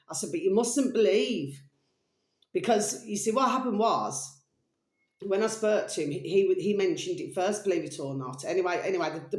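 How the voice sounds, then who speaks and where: A woman's voice: fairly low pitch, a little mellow, roomy sound. A woman vlogging in a rambling, repetitive monologue with plenty of swearing.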